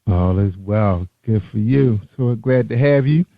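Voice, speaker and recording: A man's voice: fairly low pitch, measured pace, gravelly, no echo. A man hosting an online radio interview show, chatting loosely and correcting himself as he goes. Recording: tinny phone-line sound.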